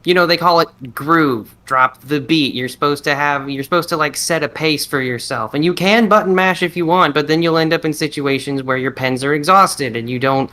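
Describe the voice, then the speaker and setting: Rambling bright-voiced man. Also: on the high side, moderate pace, hardly any pauses. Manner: rambling, self-interrupting; restarts sentences, many fillers. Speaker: podcast co-host. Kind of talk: casual chat.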